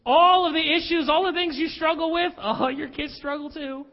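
High-voiced man preaching in a hall. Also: fairly even intonation, moderate pace, muffled recording. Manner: emphatic, confessional preaching with rhetorical questions. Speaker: pastor. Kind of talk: sermon.

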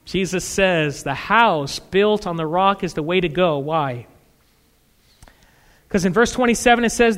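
Male pastor, sermon delivery, very high and bright voice, dramatic shouted asides, reverberant church hall. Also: normal speed. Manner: animated preaching, voice leaping high and loud to act out voices of churchgoers. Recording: echoey hall with long reverb.

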